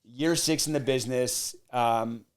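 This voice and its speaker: Male podcast host, mid-pitch, casual supportive interviewer. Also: a little slow, smooth. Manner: supportive, chatty. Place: podcast studio.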